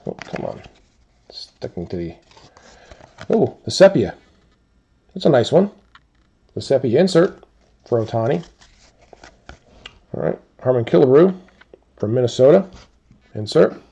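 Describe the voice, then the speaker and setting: A man hosts a card break and reads each team and player aloud in an even, listing way. His voice is low and dark with a gravelly edge, and he takes his time. Pitch sits in the middle. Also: muffled recording. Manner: steady rapid-fire listing of teams and players. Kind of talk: calling out cards in a box break.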